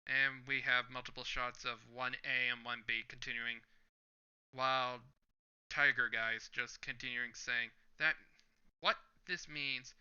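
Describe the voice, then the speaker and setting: Brief: a man hosting a casual manga read-along, unhurried, crisp and clear voice, slightly muffled lo-fi sound. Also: medium pitch, pushed and bright. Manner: describes panels one by one and reads lines aloud. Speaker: manga reaction video host. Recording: slightly dull lo-fi recording.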